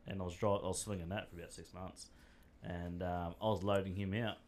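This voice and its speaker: Sweary laid-back Australian bloke. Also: male voice, low-pitched, flat delivery, brisk, darkish tone. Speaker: podcast host. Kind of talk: casual chat.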